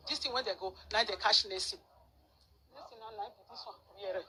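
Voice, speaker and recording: A middle-aged woman with a Nigerian Pidgin accent, telling her own story in an interview, animated and repeating words for emphasis. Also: mid-range voice, fairly quick. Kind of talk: emotional personal account. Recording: crowd noise behind.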